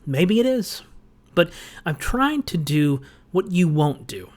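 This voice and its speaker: In a high-pitched, sing-song voice with a darkish tone, a man slowly delivers a scripted rebuttal commentary as a video essayist. His manner is sarcastic, lecturing, pointed, and explanatory.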